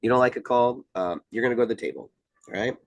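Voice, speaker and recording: A middle-aged man from Iowa, a wrestling official talking through rules in a casual podcast chat, measured and full of fillers. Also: mid-range voice, expressive, gravelly, no room sound. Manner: measured, explanatory, many fillers.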